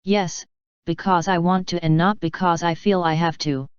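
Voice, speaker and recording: A woman voicing a female pony who is a wife close to tears, defensive and hurt, in a very smooth, dry, lo-fi reading. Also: fairly low pitch, steady tone, moderate pace, dry recording, lightly acted. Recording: dull lo-fi.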